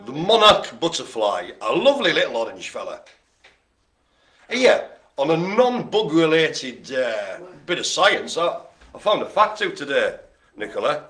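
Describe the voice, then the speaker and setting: Man, bingo host, jokey rambling banter, very animated pitch. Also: measured pace. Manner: jokey and rambling, talks to a helper off-mic. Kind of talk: live-streamed bingo banter.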